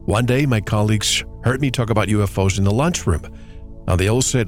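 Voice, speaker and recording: A man's voice: on the low side, a little fast, faint music behind. A man from Puerto Rico hosting a radio program, opening the show and introducing his guest in a polished broadcast manner. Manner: smooth, polished broadcast delivery. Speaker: radio host.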